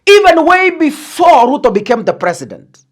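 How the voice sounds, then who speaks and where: A Kenyan woman delivering political commentary in a fairly high, lively voice that rises and falls widely. She speaks deliberately, leaning hard on key words and drawing them out, and drops easily into Swahili asides as she explains. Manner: deliberate, emphatic, mixes in Swahili phrases. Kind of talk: political analysis monologue.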